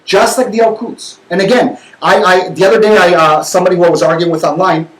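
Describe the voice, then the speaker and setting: A man hosting a talk show, arguing passionately and fast, repeating words when worked up. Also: high voice, steady tone, fairly bright tone, roomy sound, poor audio. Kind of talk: heated talk-show debate.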